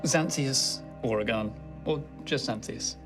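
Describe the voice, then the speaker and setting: A man's voice: mid-range voice, measured pace, music in the background. A man playing a tabletop game, talking casually and hesitantly. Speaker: player.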